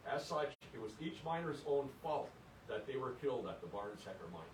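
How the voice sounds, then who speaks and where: A man's voice: big pitch swings, brisk. An older man from Michigan's Upper Peninsula giving an earnest, indignant history lecture, reading quotes aloud and restarting his words as he goes. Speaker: presenter at an archives lecture. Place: lecture room. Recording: echoey room, distant mic, faint rumble.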